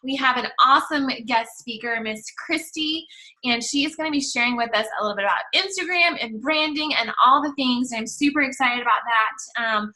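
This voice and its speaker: A woman leads an online team call. Her voice sits very high with a sharp, bright edge. She gushes warmly over her guest and everyone who joined. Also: fairly quick, low-quality recording. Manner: upbeat, effusive, welcoming. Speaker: team leader and call host.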